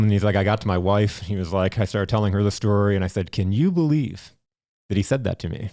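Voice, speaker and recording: A man's voice: deep voice, fast, dry recording, studio quality. A man hosting a podcast, telling blunt, profane stories in casual chat. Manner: animated storyteller, blunt and profane. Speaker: podcast host.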